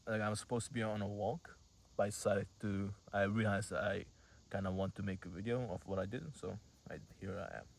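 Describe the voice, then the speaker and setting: A man's voice: on the low side, fairly even intonation, brisk, vocal fry. An 18-year-old man telling a rambling, casual story to camera, full of fillers and swearing. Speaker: vlogger.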